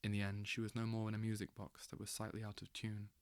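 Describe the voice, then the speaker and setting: A man reading a literary novel aloud as an audiobook, slow and intense, with dramatic swells. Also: fairly low pitch, completely flat delivery, clean tone, no room sound. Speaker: audiobook reader.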